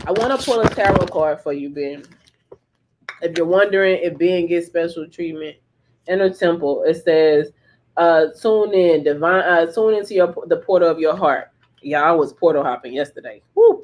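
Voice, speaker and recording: A woman's voice: on the low side, a little mellow. A woman giving a casual tarot reading on a livestream, rambling and profane, laughing often and repeating herself for emphasis. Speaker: tarot reader.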